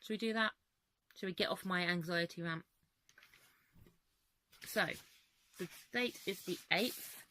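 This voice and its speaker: A woman's voice: fairly low pitch, a little slow, pauses often, sharp tone, a little hiss or hum. A young woman vlogging from home in a casual, rambling, candid way, laughing often, with her voice a little worn. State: voice going. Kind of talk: casual chat to camera.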